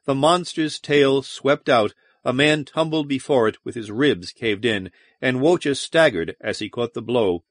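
A man narrating a science fiction audiobook in a measured, dramatic manner. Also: medium pitch, no room sound. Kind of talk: scripted narration.

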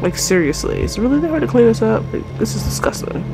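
A woman's voice: fairly high pitch, sing-song, fast talker, creaky. Young woman playing a scary game, cursing and frustrated, talks to her viewers, music faint in the back. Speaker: gamer. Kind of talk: horror game let's play commentary.

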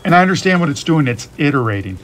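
A man's voice: fairly high pitch, sing-song, fast talker, fairly bright tone, a little hiss or hum. A man giving rambling, reflective commentary while playing a game, thinking aloud as he goes. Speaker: gaming YouTuber. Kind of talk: casual musing commentary over gameplay.

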